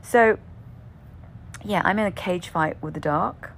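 A woman with a low voice and a gravelly, creaky edge tells a personal story in a relaxed way. She keeps checking in with "right?" and sometimes trails off into a soft whisper. A faint hiss sits under the recording. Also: a little slow. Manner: conversational, often asks "right?", swears casually.

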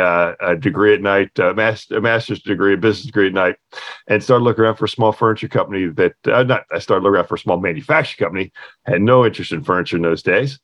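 A middle-aged man, a furniture company owner and podcast guest, telling an anecdote in a halting way, full of fillers and restarts. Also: dry recording, muffled recording. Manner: halting, many fillers and restarts, acts out quoted voices in a higher pitch. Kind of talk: anecdotal storytelling in an interview.

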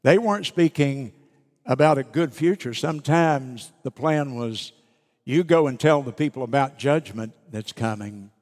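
A man's voice: medium pitch, a little slow, a little mellow. A male pastor preaching a sermon, reading scripture aloud and explaining it to his congregation. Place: church sanctuary. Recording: reverberant church sanctuary.

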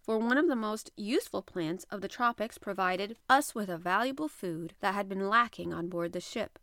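Woman narrator, audiobook, measured reading, mid pitch, dry close recording. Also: fairly bright tone, no echo. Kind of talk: scripted narration.

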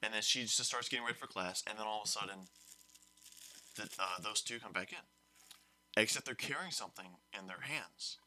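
A young man tells a story on a podcast in a brisk, fairly low voice while a crowd murmurs in the background. His retelling is casual and animated, and he rambles and corrects himself along the way.

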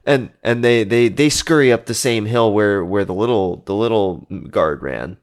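A man improvising a comic story, halting with many restarts and filler words. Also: on the low side.

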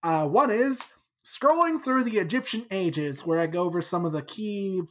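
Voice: mid-range voice, expressive, moderate pace, a bit bright. A podcast host casually recapping a book chapter in a chatty, playful way.

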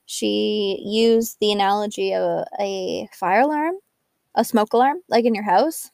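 A woman's voice: medium pitch, unhurried, gravelly, darkish tone, dry recording, clean studio sound. A young woman candidly telling her personal story in a chatty, upbeat way, full of "like". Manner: chatty, upbeat, frequent "like" fillers. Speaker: speaker sharing her recovery story.

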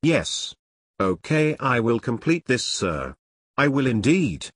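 A man voicing a timid, nervous male demon underling with a squeaky voice who stammers. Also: big pitch swings, slow pace, breathy edge, no echo, clean studio sound, exaggerated voice.

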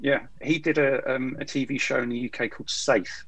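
A man leads a relaxed chat as host, loose and joking. His voice sits at an everyday middle pitch, and he keeps things moving with a scattering of ums. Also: fairly quick, poor audio. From England. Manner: chatty, joking, runs the show with filler ums. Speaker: podcast host. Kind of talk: casual chat among friends.

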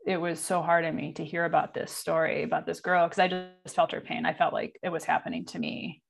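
Guest: forties woman, low gravelly voice, candid, halting delivery. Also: level tone, faint music behind. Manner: candid, halting, many fillers. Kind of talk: personal interview.

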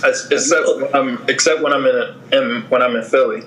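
A Philly-accented man with a mid-range voice who hesitates and fills his pauses with ums as he chats. A faint hiss sits behind him. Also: mid-range voice, fairly even intonation, a bit bright, roomy sound, low-quality recording. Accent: Philadelphia. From Philadelphia. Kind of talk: casual chat.

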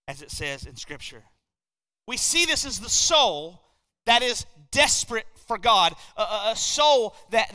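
A man preaching a sermon in a church, telling a story with animated energy and frequent restarts. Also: sits high, normal speed. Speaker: pastor. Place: church sanctuary. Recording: long reverb of a church hall.

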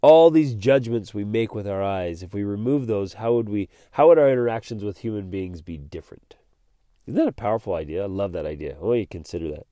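A host speaks directly to his listeners in a motivational podcast monologue, close to the mic, earnest and animated, often repeating himself as he gets fired up. His voice is fairly low, mellow, and relaxed in tone, a little fast, and the recording is dry with no room sound.

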